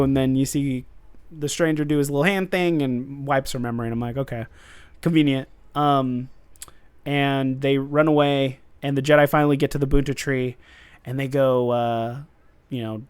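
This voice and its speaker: Smooth-voiced man in casual recap chat. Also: mid-range voice, moderate pace, dry recording. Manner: animated, acts out lines with laughs. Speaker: podcast co-host.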